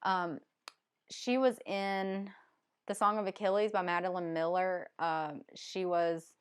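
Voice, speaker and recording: Southern lady rambling through a book haul, slow and chatty, lots of ums. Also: on the low side, steady tone, smooth. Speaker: book vlogger. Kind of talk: casual chat.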